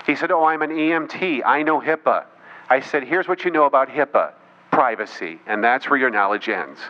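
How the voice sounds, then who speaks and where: A political speaker with a mid-range, expressive voice talks at a moderate pace to an audience. He recounts a story, mimicking quoted voices and tossing in mocking asides, all captured on a dull lo-fi recording with faint noise.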